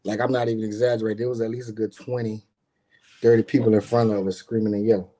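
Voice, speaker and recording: A man's voice: fairly low pitch, flat delivery, quick pace, dark tone, slight background noise. A middle-aged man, a guest on a live stream, telling a personal story in a casual, emphatic and profane way, often turning to speak straight to his listeners.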